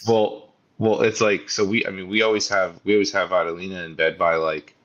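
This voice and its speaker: Young male podcast co-host, deep voice, rambling and laughing, lo-fi sound. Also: level tone, fairly quick, a bit bright. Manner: rambling, laughs often, acts out kids' voices. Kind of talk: casual chat.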